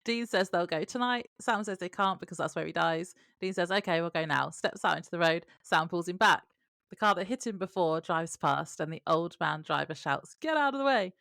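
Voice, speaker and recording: A woman's voice: fairly low pitch, moderate pace, creaky, a bit bright, no echo, clean studio sound. A woman co-hosting a podcast, reading out plot summaries in a matter-of-fact casual way. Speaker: podcast co-host. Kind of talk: casual chat, reading episode summary notes.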